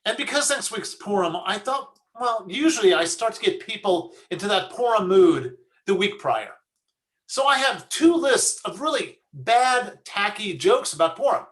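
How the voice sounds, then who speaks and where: A man's voice: high voice, very animated, normal speed, fairly bright tone. A man leading an online service as rabbi, chatty and joking with corny puns over a video call. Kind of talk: casual online service hosting.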